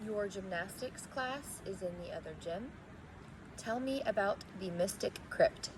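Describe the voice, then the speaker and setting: A woman teaching a classroom lesson, walking students through each step aloud in a clear, methodical way. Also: medium pitch, animated, measured pace, noisy background. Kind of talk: classroom instruction on syllabication.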